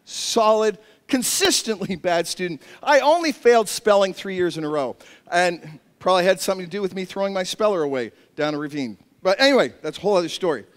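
A male pastor preaching a sermon, telling animated stories with self-mocking humor. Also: high-pitched, fast talker, big-room sound.

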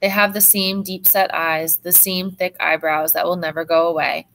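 A woman teacher reads a novel aloud to her class in steady, expressive first-person narration. Her voice is set on the low side but sounds bright and crisp. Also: normal speed, a little hiss or hum.

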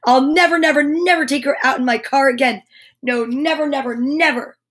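A woman's voice: high voice, a little slow, voice pushed up. A woman reading a children's storybook aloud, voicing a little toy boy who drives a car and gets easily upset, with plaintive, emphatic repeats.

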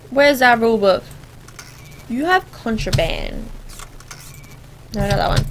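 A woman doing let's play commentary, sarcastic and animated, talking back at the characters on screen. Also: a little high, takes it slowly, long pauses, slight background noise, poor audio. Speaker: gameplay commentator.

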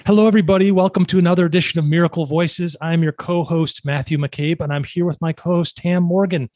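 A man's voice: on the high side, fairly even intonation, fast talker, darkish tone, no echo. A man co-hosting a podcast, chatting casually and joking with his guests. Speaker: podcast co-host.

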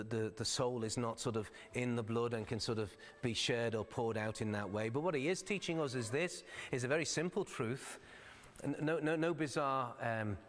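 A man's voice: medium pitch, a bit bright. A male pastor delivering a sermon in a conversational, explanatory way, sometimes reading scripture in old-fashioned wording. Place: church sanctuary. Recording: long church hall reverb.

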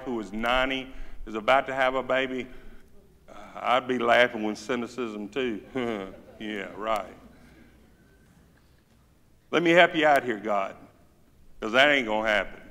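A Southern man preaches in a reverberant church sanctuary, his voice gravelly at a middling pitch. He mixes folksy jokes with scripture that he reads with rising force. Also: bright, forceful tone. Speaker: pastor. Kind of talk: sermon.

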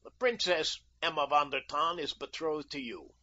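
On a dull lo-fi recording, a man with a fairly high, sharp voice at normal speed plays a brash, self-assured young American. He sounds firm and cool, bargaining calmly and mocking.

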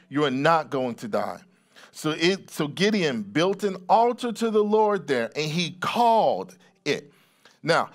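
A middle-aged man preaching a sermon in a somewhat high voice. He reads scripture aloud, then explains it in a loose, conversational way, circling back and repeating words as he goes. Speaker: pastor.

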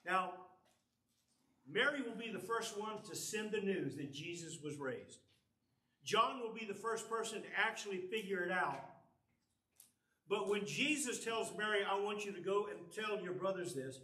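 High, bright-voiced preacher in echoey church. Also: male voice, animated, normal speed, far from the mic. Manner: earnest, explanatory, reads scripture aloud. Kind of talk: sermon. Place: church sanctuary.

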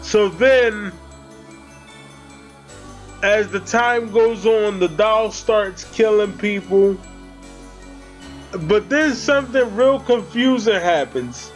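Slangy man with a high voice. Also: takes it slowly, pauses often, faint music behind. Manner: slangy, chatty, addresses viewers as guys and bro. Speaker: movie reviewer. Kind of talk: casual spoken movie review.

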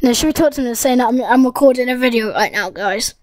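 A school-age girl giving excitable, rambling gameplay commentary as a gaming YouTuber, talking straight to her viewers. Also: on the high side, fast, no echo, low-quality recording.

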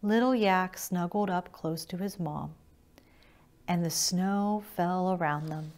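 A woman librarian reading a picture book aloud for a children's storytime, clear and careful. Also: lowish voice, slow pace, darkish tone.

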